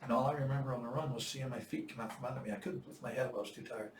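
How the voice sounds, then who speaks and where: An older man telling a war-veteran story in casual, animated style, acting out the voices he quotes. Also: medium pitch, racing. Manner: animated, acts out quoted voices with bursts of loud shouting. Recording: echoey room, distant mic, faint noise.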